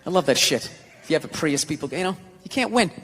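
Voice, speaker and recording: A man's voice: on the high side, animated, fast, fairly bright tone. Profane ranting male stand-up comic. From United States. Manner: ranting, profane, self-mocking. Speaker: stand-up comedian. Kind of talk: stand-up comedy. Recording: live stage with long reverb, faint noise.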